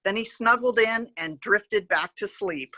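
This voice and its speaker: A woman reading a picture book aloud to children as a park educator, gently pointing to the pictures and adding animal sound effects. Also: medium pitch, a little slow, dry recording, low-quality recording.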